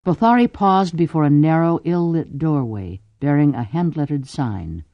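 A man narrating an audiobook in a measured, deliberate storytelling manner. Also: on the high side, animated, no room sound, lo-fi sound. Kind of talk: scripted narration.

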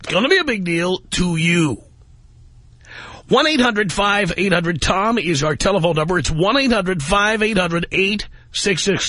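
A man's voice: sits high, expressive, normal speed, pushed and bright, no echo. A man hosting a talk radio show, ranting in an angry, emphatic way from a studio microphone.

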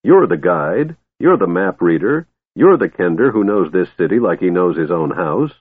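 A man voicing a gruff, grumpy male dwarf in a storybook reading, surly and blunt, on a tinny phone-like recording. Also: deep voice, sing-song, normal speed, heavily acted. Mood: angry.

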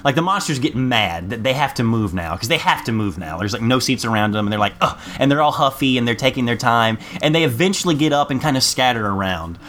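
A young adult man telling a funny story on a casual podcast, jumping up in pitch to mimic other people. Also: fast, few pauses, a little hiss or hum. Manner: animated storyteller, jumps high to mimic people. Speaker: podcast co-host.

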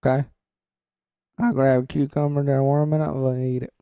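A woman's voice: rumbling low, flat delivery, normal speed, clean tone, dry recording, muffled recording. A woman co-hosting a podcast, joking around in playful, teasing banter and laughing often. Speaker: podcast co-host.

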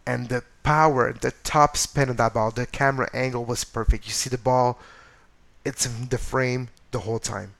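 A man of everyday middle pitch runs a one-man soccer podcast and rattles through the weekend's results. He talks casually and gets animated, tossing in jokes and correcting himself on the fly. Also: normal speed, gravelly. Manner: animated, excitable, jokey asides and self-corrections. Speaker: podcast host. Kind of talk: casual solo soccer recap.

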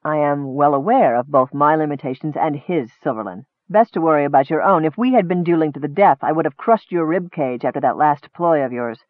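A man voicing a cold, menacing male elf who runs an arena, speaking low and quietly threatening. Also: animated, a little fast, hardly any pauses, no room sound, natural voice. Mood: cool menace. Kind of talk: audiobook character voice. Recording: thin phone-like dry sound.

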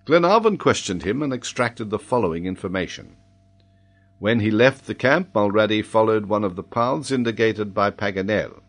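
Male narrator, measured audiobook reading, lowish voice. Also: animated.

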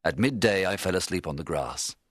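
A man narrating a storybook in the first person, in a measured, dramatic way that rises at tense moments. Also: low-pitched, lively intonation, no echo, studio quality. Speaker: audiobook narrator.

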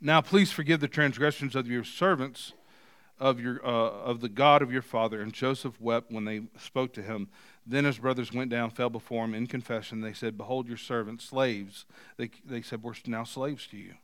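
A male pastor preaching a sermon, moving from quiet scripture reading to loud, emphatic points. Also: mid-range voice, steady tone, normal speed, dry recording. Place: church.

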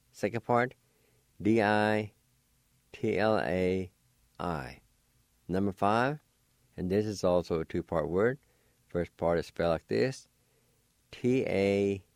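A man hosting a language lesson, slowly spelling out letters and sounding out syllables for listeners. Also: on the low side, darkish tone, no room sound, clean studio sound. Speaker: language teacher and show host.

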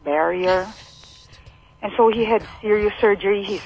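Caller, Filipino English accent, mid pitch, earnest, muffled phone line with faint hiss. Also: moderate pace, a little mellow. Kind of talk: phone-in call.

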